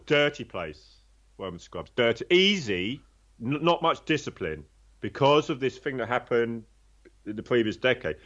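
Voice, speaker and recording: A man's voice: mid-range voice, fairly bright tone, lo-fi sound. A man telling his own story in a candid, conversational way, blunt and swearing freely, rambling with restarts.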